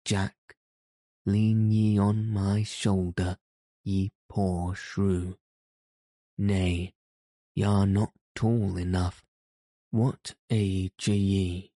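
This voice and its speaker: A man's voice: lowish voice, dark tone, no echo, clean studio sound. A man voicing a bold, cheerful teenage outlaw boy who jests in old-fashioned speech. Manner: jesting, archaic speech. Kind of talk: audiobook character reading.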